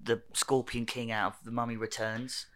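A man's voice: mid-range voice, flat delivery, normal speed, sharp tone. A young English man co-hosting a podcast, talking casually, joking and trailing off mid-sentence. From England. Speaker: podcast co-host. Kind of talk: casual chat.

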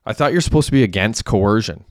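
A man's voice: on the low side, animated, fast, dry recording, clean studio sound, close to an everyday voice. A man voicing a cold, manipulative young man who speaks dismissively.

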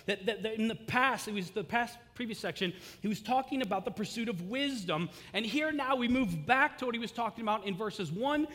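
A man preaching a sermon as pastor, impassioned, rising loud on key lines and dropping low after. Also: expressive, brisk, hardly any pauses, long reverb tail.

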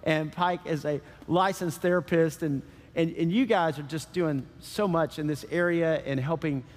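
High-voiced preaching man in reverb. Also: moderate pace. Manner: animated, conversational preaching with asides. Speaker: pastor. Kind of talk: sermon. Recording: church hall with long reverb.

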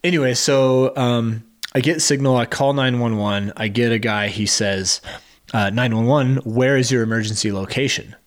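Podcast guy, mid voice, animated storytelling, does the voices of people in it. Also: medium pitch, normal speed. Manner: animated storytelling, acts out quotes. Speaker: podcast co-host. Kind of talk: casual storytelling chat.

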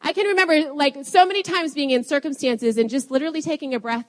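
Animated young woman preaching, hall echo. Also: high-pitched, quick pace, few pauses. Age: young adult. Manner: animated, laughs often at herself. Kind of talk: sermon. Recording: long hall reverb.

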